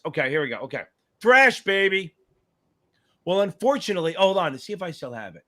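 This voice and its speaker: Lively, profane man hosting a live Q&A. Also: high voice, a little fast. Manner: animated, profane, hypes up viewers; scattered, thinks aloud while reading comments. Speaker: exam tutor hosting a live Q&A. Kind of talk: casual livestream chat.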